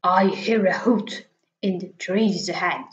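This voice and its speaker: A woman voicing a huge, slow-witted male monster in a storybook reading, with a lower, gruff voice. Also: a little hiss or hum. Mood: wondering. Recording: echoey dull lo-fi room.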